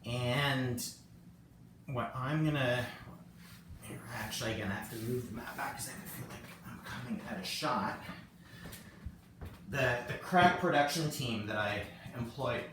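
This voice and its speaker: A man's voice: mid-range voice, unhurried, pauses often. Chatty man leading a yoga class. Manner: chatty and self-joking, laughs often. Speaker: yoga teacher. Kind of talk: casual live-streamed yoga class. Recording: echoey room, distant mic, faint noise.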